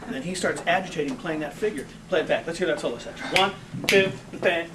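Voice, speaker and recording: A man coaching a school jazz band in rehearsal, animated and joking as he gives notes. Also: on the high side, racing. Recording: distant mic with room noise.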